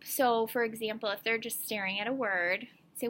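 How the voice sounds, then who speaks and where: Bright-voiced woman reading specialist. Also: medium pitch, fairly even intonation, moderate pace, hardly any pauses. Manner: chatty, explaining step by step with frequent ums. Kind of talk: informal instructional talk to parents.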